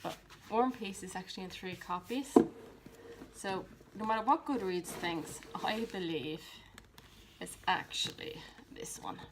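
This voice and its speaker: A woman's voice: mid-range voice, animated, moderate pace, noisy background. Chatty woman vlogging about books. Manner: chatty, rambling, with many ums and restarts. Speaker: book vlogger. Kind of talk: casual chat. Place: at home by her bookshelves.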